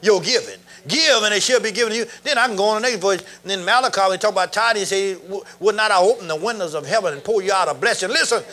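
A middle-aged man preaching a sermon, animated, laughing and shouting as he goes. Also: sits high, fast talker, hardly any pauses.

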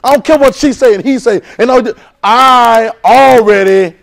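A man preaching a sermon in call-and-response, swinging from loud urging to soft, hushed lines. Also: extremely high pitch, moderate pace, vocal fry. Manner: swings from loud exhortation to soft near-whispers.

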